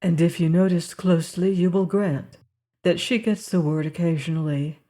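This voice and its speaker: A woman reading the part of a gentle, strong man who soothes a fevered girl in a low, monotonous, half sing-song croon. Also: normal speed, close to an everyday voice. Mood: calm. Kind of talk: audiobook character reading.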